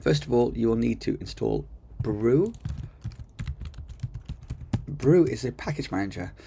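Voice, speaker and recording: A coding teacher casually narrates a screen-recorded tutorial, chatty and enthusiastic, thinking aloud with plenty of ums. His medium-pitched voice is expressive, gravelly and dark, at a measured pace. The computer mic catches slight background noise.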